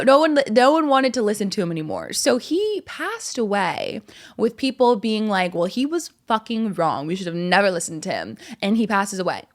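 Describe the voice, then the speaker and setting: A woman's voice: medium pitch, vocal fry. Chatty young woman rambling casually. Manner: rambling, chatty with many fillers and giggles. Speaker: podcast host. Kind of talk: casual chat.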